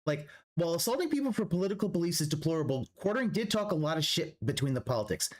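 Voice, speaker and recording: Man, livestream reaction, profane ranting, very lively pitch, restarts sentences. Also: very fast. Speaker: streamer.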